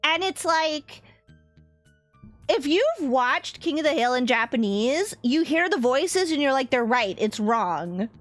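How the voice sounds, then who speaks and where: A young woman streaming and chatting casually with viewers in an animated way, laughing often. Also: high-pitched, a little slow, dry recording, soft background music. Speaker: vtuber streamer. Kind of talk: casual livestream chat.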